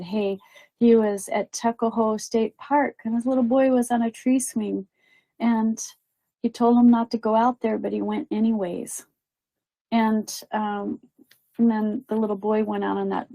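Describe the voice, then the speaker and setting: Woman telling a medium story, lots of um and like, mellow low-ish tone, dry close sound. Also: little pitch movement, unhurried, no echo, low-quality recording. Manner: chatty, many fillers and quoted voices. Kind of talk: casual storytelling.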